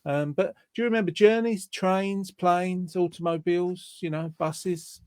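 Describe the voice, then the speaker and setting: A man's voice: sits high, fairly even intonation, a little slow, smooth, no room sound. A man hosting a casual online chat, rambling and friendly, on a video call. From England. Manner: warm, rambling, chatty with fillers. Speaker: host.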